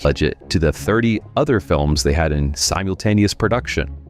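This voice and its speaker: A man with a low, deep voice hosts a comedic review of bad movie sequels. His delivery is wry and sarcastic, and faint music runs quietly behind him. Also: animated, normal speed. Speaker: host.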